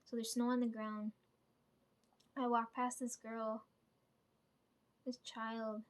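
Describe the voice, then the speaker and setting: Woman vlogger, slightly high voice, rambly casual storytelling peppered with "right?" and the odd swear. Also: level tone, takes it slowly. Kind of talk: casual dream retelling.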